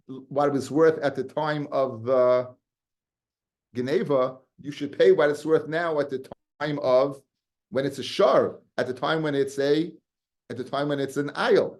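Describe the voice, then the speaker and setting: A man teaching a casual Talmud class, animated and often repeating words as he explains. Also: mid-range voice, a little slow.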